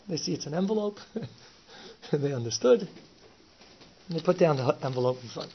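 A male storyteller with a somewhat high voice, animated and quick to laugh as he builds the tale, dropping in Yiddish words. The recording is dull and lo-fi with a faint hiss underneath. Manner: lively, laughs at his own story, sprinkles in Yiddish words.

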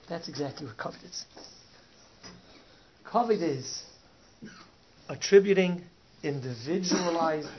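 A man, a rabbi, telling a story in a Torah talk, sprinkling in Yiddish and Hebrew words and swinging from soft to loud. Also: fairly high pitch. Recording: dull lo-fi recording with faint noise.

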